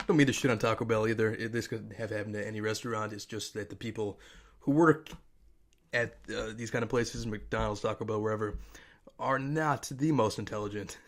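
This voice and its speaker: A man's voice: fairly low pitch, brisk. A young man hosting a podcast, telling a story in a casual, rambling way, swearing and laughing at his own story, from a desk mic in an office. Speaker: podcast host. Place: office with a humming noise. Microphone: home desk mic with static. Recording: faint static hiss.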